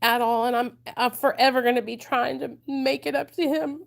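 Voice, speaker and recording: A woman's voice: sits high, steady tone, normal speed, vocal fry. A woman from the United States, a vlogger speaking candidly and with emotion to her viewers in a confessional vlog.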